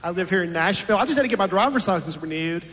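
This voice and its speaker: A man's voice: sits high, lively intonation, rapid-fire, a bit bright. A man in his fifties doing a stand-up set on a theater stage, telling dry, self-deprecating stories. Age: 50s. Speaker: stand-up comedian. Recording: long hall reverb from a big venue.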